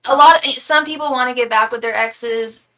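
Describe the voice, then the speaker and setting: A woman's voice: on the high side, fairly quick, sharp tone, distant mic, poor audio. A young woman reading tarot on a live stream, chatting casually and rambling, sometimes murmuring repeated invocations. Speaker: tarot reader.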